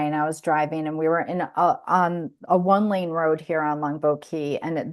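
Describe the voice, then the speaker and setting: A woman co-hosting a podcast, telling a story in casual chat, laughing often and restarting her sentences. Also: deep voice. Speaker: podcast co-host.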